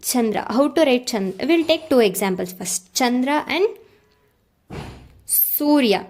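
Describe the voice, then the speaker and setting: A woman's voice: sits high, animated, unhurried, a little mellow. A woman teaching a language lesson, repeating words and checking in with "okay" and "right.". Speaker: Kannada teacher. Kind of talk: slow explanatory lesson.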